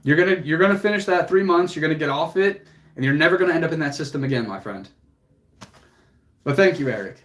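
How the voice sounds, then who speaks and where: A man's voice: on the high side, lively intonation, quick pace, fairly bright tone. A young man hosting a livestream, speaking earnestly and emotionally to viewers, motivational and casual with swearing. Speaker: fitness coach and livestream host.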